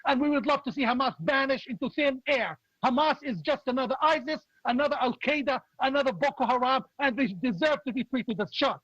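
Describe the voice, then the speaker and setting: Man, very high voice, impassioned political talk, dry dull lo-fi sound. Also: brisk, few pauses, breathy edge, no room sound. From Palestinian, raised in Jordan. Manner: forceful, indignant, repetitive. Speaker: political opposition leader.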